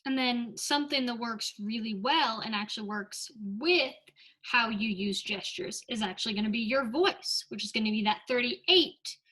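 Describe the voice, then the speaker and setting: Bright high-voiced woman teaching public speaking. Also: normal speed, breathy edge, rough recording. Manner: upbeat, explanatory, checks in with "right?" and "okay?". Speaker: speech and debate presenter. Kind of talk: instructional talk with comic asides.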